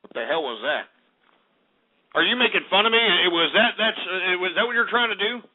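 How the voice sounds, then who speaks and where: A man's voice: high voice, lively intonation, fairly quick. A man hosting a call-in radio show, ranting angrily at callers with lots of swearing and stammered restarts. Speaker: radio talk show host. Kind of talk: angry call-in show rant. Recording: lo-fi phone-like audio.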